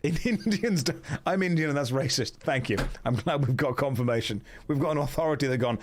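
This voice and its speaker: A man's voice: on the high side, a little fast, faint music behind. A man from England with an English accent, reading a fantasy gamebook aloud on a livestream and breaking off into jokey asides. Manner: jokey asides, laughing at himself. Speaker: streamer.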